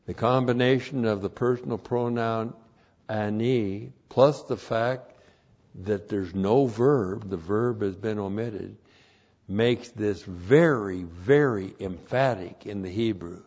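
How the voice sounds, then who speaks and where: A man teaching a sermon as a pastor, working slowly through Hebrew words and spelling them out letter by letter, and growing emphatic at times. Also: on the low side, expressive, breathy edge. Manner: builds to emphatic, louder passages. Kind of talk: Bible teaching sermon with Hebrew word study. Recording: dull lo-fi sermon recording.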